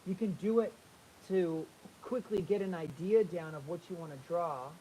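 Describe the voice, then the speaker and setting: A man demonstrates figure drawing and talks his way through each line as he sketches. He is energetic and repeats his points while he works, and a faint hiss runs under the recording. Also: high-pitched, moderate pace, rough recording. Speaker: art instructor.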